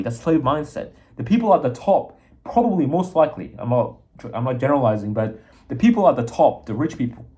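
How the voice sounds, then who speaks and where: A young man at a mid-range pitch delivers a casual motivational monologue as a podcast host. His talk is blunt and full of slang, and he hits his key points with emphasis. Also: darkish tone.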